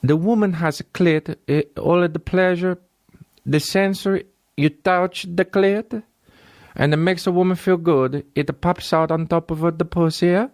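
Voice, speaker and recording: A man voicing an earnest, eager Italian man, speaking in a higher, lilting voice with an Italian accent. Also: fairly even intonation, unhurried, a little mellow, dry recording, clean studio sound.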